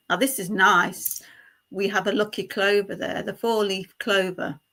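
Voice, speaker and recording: A bright, mid-range female voice belongs to a psychic medium giving a halting reading. Her delivery is stream-of-consciousness, full of fillers and restarts, and she speaks straight to the sitter, checking in with tag questions.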